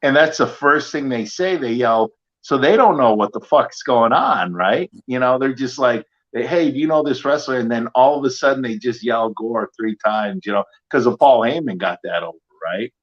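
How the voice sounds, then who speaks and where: A man's voice: medium pitch, normal speed, dull audio. A middle-aged man telling a casual story during an autograph signing, rambling with lots of fillers and restarts. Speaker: guest wrestler signing autographs.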